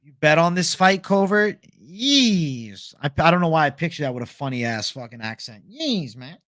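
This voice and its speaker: Young guy doing mma picks on a stream, kinda high voice, dry close sound, swears a lot. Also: fast talker, a bit bright, no echo. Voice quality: casual, profane, reads chat aloud. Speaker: MMA livestream host. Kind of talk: casual livestream fight picks chat.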